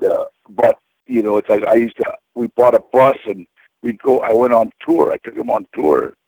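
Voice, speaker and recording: A man's voice: mid-range voice, a little mellow, no room sound, poor audio. A man guest in an interview, telling casual stories in a rambling way, with many repeated words and fillers.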